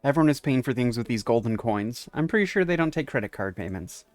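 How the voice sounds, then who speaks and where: A man's voice: mid-range voice, expressive, quick pace, no room sound, soft background music. A man who streams games, giving casual let's-play commentary and reading the dialogue aloud with wry asides. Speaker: game streamer.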